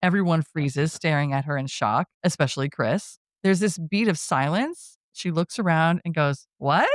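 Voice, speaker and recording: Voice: medium pitch, normal speed, no echo, clean studio sound. A podcast co-host giving a casual scene-by-scene movie recap, acting out quotes and laughing often. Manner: retells scenes with acted-out quotes.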